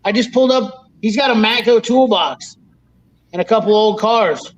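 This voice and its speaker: Give me a high-voiced man in casual podcast chat, rambling and swearing, with a dull lo-fi sound. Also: normal speed. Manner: rambling storyteller, swears freely. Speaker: podcast host.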